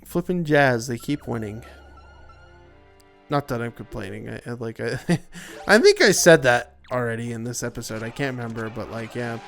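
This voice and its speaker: A man's voice: medium pitch, moderate pace, fairly bright tone, soft background music. A young man giving casual, rambling gameplay commentary, tired and yawning, with lots of filler words. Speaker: let's play commentator.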